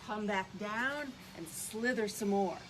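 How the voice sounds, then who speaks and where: A woman's voice: medium pitch, takes it slowly, a bit bright, a little hiss or hum. A woman leading a playful yoga lesson for young children, speaking in a sing-song way. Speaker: early childhood educator leading kids' yoga.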